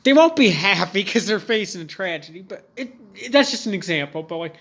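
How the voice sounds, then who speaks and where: A young man talking candidly to camera in a rambling, halting way, full of fillers and restarts. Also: high voice, expressive, a bit bright, a little hiss or hum. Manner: earnest and candid. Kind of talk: personal vlog monologue.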